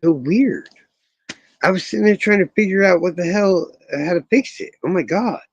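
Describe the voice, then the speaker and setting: A man's voice: high voice, normal speed, husky, dull audio. A male streamer in casual livestream talk who swears a lot and grumbles at his screen. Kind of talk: livestream talk, muttering to himself.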